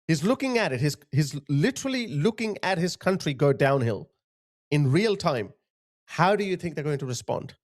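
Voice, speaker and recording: A man's voice: on the high side, expressive, moderate pace. A man hosting his channel, giving indignant political commentary over video clips and often repeating himself to point things out. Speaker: channel host.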